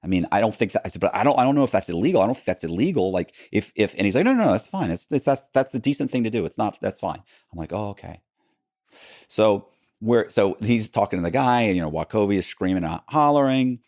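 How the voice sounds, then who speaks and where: A man recounting his past as a podcast guest, telling it with lots of quoted back-and-forth and quick restarts. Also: fairly low pitch, no echo, clean studio sound. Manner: animated retelling with quoted dialogue and frequent restarts. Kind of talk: storytelling in a long-form interview.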